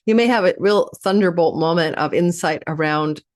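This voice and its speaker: Middle-aged female astrologer, rapid and lively direct-to-camera forecast delivery, low-pitched. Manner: fast, animated, talks to viewers by sign. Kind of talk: weekly horoscope forecast.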